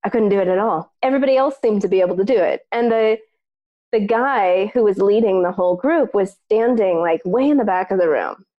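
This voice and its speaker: A woman co-hosting a podcast, telling a personal story in casual chat, lively and peppered with "like", acting out what others said. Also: mid-range voice, brisk, dull audio. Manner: animated, acts out other people's lines in the story; frequent filler "like". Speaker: podcast co-host.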